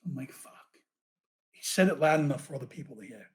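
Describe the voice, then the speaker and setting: A man, a former police officer, telling his story as a podcast guest in a profane, animated way. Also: medium pitch, a little fast. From United States.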